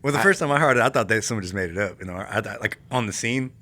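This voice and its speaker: A man from California, a retired army infantryman, telling war stories in a casual podcast interview, animated and laughing as he talks. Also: fairly low pitch, rapid-fire.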